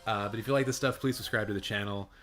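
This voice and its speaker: Man, low, raspy and hoarse, casual rambling live-stream host, good mic. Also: steady tone, fast talker, a bit bright, faint music behind. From Canada. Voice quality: deep and raspy. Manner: chatty, rambling, with fillers and restarts. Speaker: film channel live streamer. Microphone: good studio mic.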